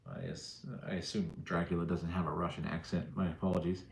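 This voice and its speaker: A man's voice: low voice, little pitch movement, a little fast, creaky, hardly any pauses, a little hiss or hum. A middle-aged man hosting a casual livestream, joking easily and answering viewers' chat. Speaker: livestream host. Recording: echoey room.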